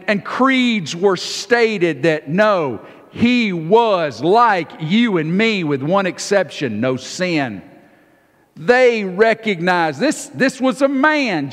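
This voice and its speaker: A man preaching a sermon in a relaxed, conversational way. His fairly high voice swings widely up and down, and he stumbles over and repeats words as he starts phrases. The sound rings with the long reverb of a large hall. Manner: acts out the disciples' lines in quick, lively bursts. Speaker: pastor.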